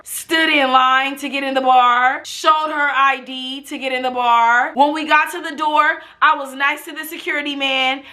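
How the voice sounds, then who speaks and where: High, bright-voiced young woman telling a story. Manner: blunt, profane, animated storytelling. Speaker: vlogger. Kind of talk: storytime vlog.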